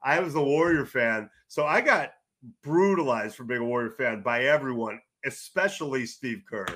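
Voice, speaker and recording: A middle-aged man from California, a sports journalist and guest, telling loud, rambling stories in casual podcast chat. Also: medium pitch, normal speed. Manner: animated storyteller, loud, rambling with restarts.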